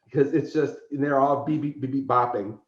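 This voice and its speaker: A man's voice: medium pitch, moderate pace. Guy telling wild event stories, laughs a lot, sounds roomy and kinda muffled. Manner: animated, laughing, acts out quoted voices. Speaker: convention organizer, podcast guest. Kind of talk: casual storytelling chat.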